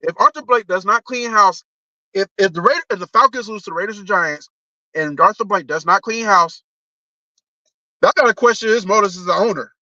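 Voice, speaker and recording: A man's voice: high voice, brisk, sharp tone, dry recording. A young man, ranting casually about sports on a live stream, blunt and profane, often restarting his sentences. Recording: dull lo-fi stream audio.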